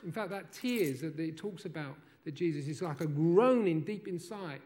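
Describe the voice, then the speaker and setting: A man preaching a sermon as a pastor in a church, rising to loud emphatic proclaiming and falling to soft, quiet questions. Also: a little high, lively intonation, moderate pace, hardly any pauses.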